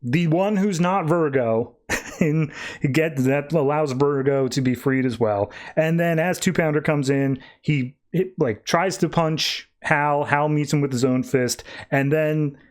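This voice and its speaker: A man's voice: a little high, unhurried. A man hosting a podcast, recapping a comic book issue in a loose, chatty way with plenty of fillers. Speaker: podcast host.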